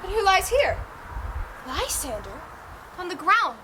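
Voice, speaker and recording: A woman's voice: very high-pitched, big pitch swings, a little slow, heavily acted. A woman playing Helena, a lovesick young noblewoman, with impassioned verse delivery in outdoor Shakespeare stage acting. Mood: anxious. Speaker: stage actor. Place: outdoor town square. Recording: outdoor performance with background noise.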